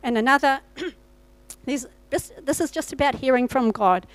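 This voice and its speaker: A woman's voice: sits high, measured pace, dry recording, rough recording. A woman pastor, preaching a sermon and telling a personal testimony with acted-out dialogue. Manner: storytelling, acts out her own past dialogue. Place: church.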